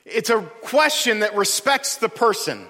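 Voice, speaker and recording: A man's voice: high voice, big pitch swings, unhurried, pushed and bright. A man preaching a sermon as pastor, conversational, acting out the people he quotes. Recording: long hall reverb.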